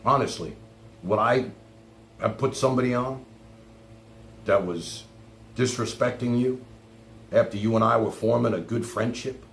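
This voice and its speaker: Gravelly profane man ranting on stream. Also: mid-range voice, unhurried, long pauses, slight background noise. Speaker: livestream host. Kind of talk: heated livestream rant. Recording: echoey room.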